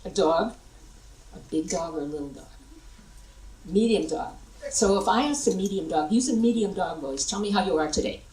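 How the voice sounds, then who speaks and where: A middle-aged American woman giving a lively conference workshop and demonstrating vocal tones to the audience. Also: lowish voice, normal speed, pauses often. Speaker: workshop presenter. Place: large conference hall. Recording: echoey hall, voice from far off.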